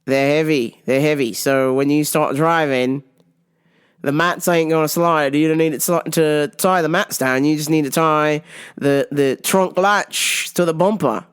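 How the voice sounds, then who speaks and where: A woman putting on a laid-back Australian man's voice, lowered and drawling, with a put-on Australian accent. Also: steady tone, measured pace, smooth. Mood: easygoing. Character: laid-back Australian man, relaxed mate.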